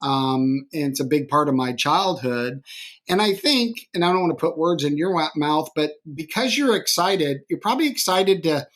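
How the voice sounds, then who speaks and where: A man co-hosts a podcast in casual interview talk. He rambles reflectively, and his voice keeps jumping up in pitch as he makes his points. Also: lively intonation, moderate pace, a bit bright. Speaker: podcast co-host.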